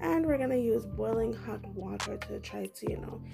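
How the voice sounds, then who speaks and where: A woman's voice: mid-range voice, expressive, moderate pace, creaky, music in the background. A woman doing a casual, chatty voiceover for a beauty vlog in her groggy morning voice, full of playful slang. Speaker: beauty vlogger.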